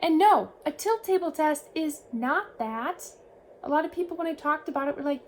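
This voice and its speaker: A woman vlogging, casually telling a story to the camera in an animated way, shifting her tone as she retells events. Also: high-pitched, normal speed, a little hiss or hum, rough recording.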